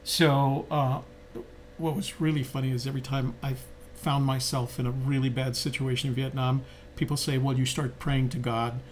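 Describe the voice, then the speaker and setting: At a moderate pace and with little pitch movement, an older podcast co-host tells stories in a medium-pitched voice. His style is reflective and conversational, full of fillers and restarts. Slight background noise is present.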